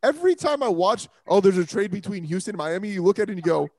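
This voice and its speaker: A man's voice: high-pitched, big pitch swings, fast talker, a little mellow, no room sound. A man hosting a casual sports talk show, joking and laughing often.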